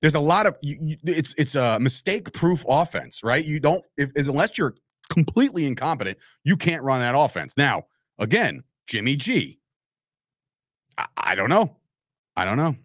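A man's voice: a little high, sing-song, moderate pace, no echo, clean studio sound. Opinionated man hosting a live sports show. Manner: opinionated, rambling, swears, reacts to live chat. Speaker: podcast host.

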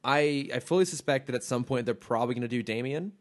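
A man's voice: mid-range voice, quick pace. A man co-hosting a podcast in casual chat, talking enthusiastically and rambling with restarts and fillers. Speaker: podcast co-host.

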